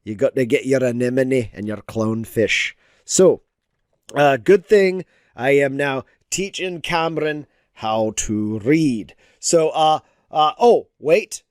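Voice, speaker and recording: A man talks casually on a stream as he works on a drawing, drifting between comments and playful mock lessons full of filler words. He speaks at an unhurried, easygoing pace. His voice sits in a middle pitch and sounds dry and close. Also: no room sound. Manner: rambling, playful mock-teaching with many fillers. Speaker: digital artist streaming. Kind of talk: casual livestream chat while drawing.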